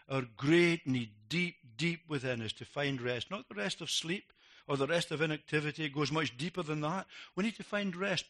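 Bright-voiced man preaching a sermon. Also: medium pitch. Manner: emphatic, rising to loud declarations, dropping to quiet reflective lines.

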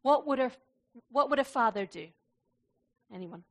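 A woman pastor preaching a sermon in a warm, conversational way, laughing often and slowing down to recite prayer. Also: high voice, lively intonation.

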